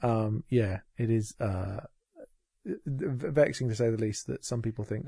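A man on a podcast, talking in a rambling, sweary, sarcastic way. His voice has a gravelly fry and a husky edge. The sound is close and dry, with no room around it. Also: medium pitch, a little slow, mellow, no room sound. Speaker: podcast co-host. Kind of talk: casual chat.

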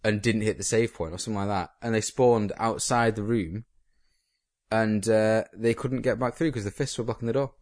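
A man's voice: fairly low pitch, fairly even intonation, moderate pace, darkish tone. A man co-hosting a podcast in casual chat, laid-back and self-deprecating. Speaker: podcast co-host, game developer.

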